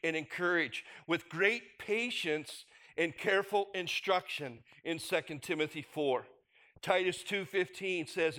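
This middle-aged pastor has a fairly high, slightly bright voice. He preaches his sermon conversationally, posing rhetorical questions to the congregation.

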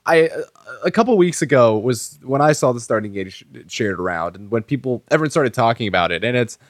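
A man co-hosting a podcast, animated and excitable in casual chat. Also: medium pitch, fairly quick, no room sound, clean studio sound. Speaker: podcast co-host.

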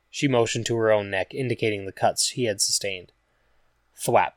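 A man reading a story aloud as a narrator, in an even, measured storytelling manner. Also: on the low side, dry recording, clean studio sound. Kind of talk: scripted audiobook narration.

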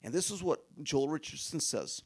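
A man preaching a sermon to a room of listeners, emphatic, asking rhetorical questions and now and then dropping to a hush. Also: on the high side, lively intonation, normal speed, breathy edge.

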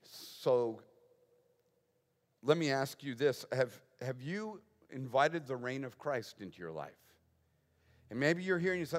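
A man's voice: mid-range voice, big pitch swings, measured pace, pauses often, big-room sound. A man preaching a conversational sermon as pastor, asking the congregation rhetorical questions with touches of humor.

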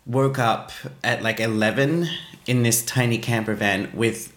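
A man casually telling a travel mishap story on a podcast, animated and poking fun at himself. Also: mid-range voice, unhurried. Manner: animated, self-mocking, laughs at his own story. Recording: roomy echo.

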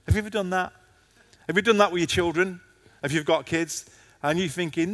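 A man's voice: sits high, fairly quick, a bit bright, in a large hall. A male pastor preaching a passionate sermon to a congregation, his intensity rising and falling.

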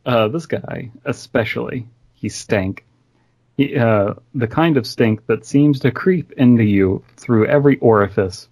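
Man, podcast host, mid pitch, reads a creepy story aloud, dry joking asides, video call. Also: a little slow, darkish tone, husky. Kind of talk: reading a horror story aloud between casual chat.

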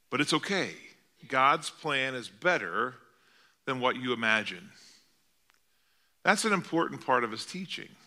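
Male pastor, middle-aged, very bright tone, earnest conversational sermon delivery. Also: medium pitch. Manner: earnest, conversational preaching with rhetorical questions.

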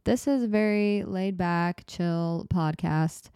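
A woman's voice: fairly low pitch, slow pace, dark tone, clean tone, dry recording, clean studio sound. A young woman in her twenties hosting a laid-back solo podcast, chatty and self-deprecating, a little out of breath as she rambles. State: slightly out of breath. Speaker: podcast host.

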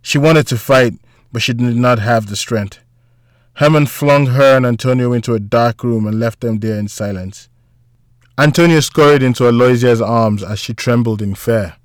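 A man reads a novel aloud in a measured, even storytelling manner, his voice close and dry with no room around it. His pitch sits in an ordinary middle range. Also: no room sound. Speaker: audiobook narrator. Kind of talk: scripted narration.

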